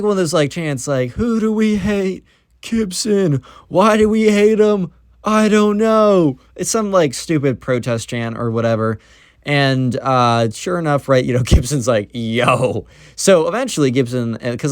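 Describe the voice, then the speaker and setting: A man's voice: medium pitch, no echo, studio quality. A young man narrating a story in a casual, rambling way, with lots of fillers and asides. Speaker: YouTube storyteller.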